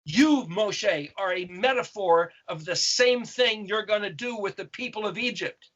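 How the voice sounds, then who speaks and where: A man with a high voice answers viewer questions in a loose, explanatory way, often repeating and restarting his phrases. The recording is dull and lo-fi. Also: a little slow, fairly bright tone. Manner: expounds on Hebrew letters, repeats and restarts phrases. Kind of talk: casual explanatory talk.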